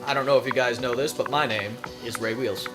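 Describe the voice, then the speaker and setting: A man hosts a gaming video with casual let's-play commentary, playfully reading on-screen text aloud and joking as he plays. His voice is medium-pitched and steady, and he talks briskly over loud music.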